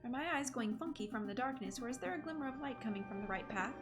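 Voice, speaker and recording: A woman's voice: on the high side, expressive, fast talker, over music, close to an everyday voice. A woman reading the lines of a nervous, rambling male sidekick bird from a game on a livestream. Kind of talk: game dialogue read on stream.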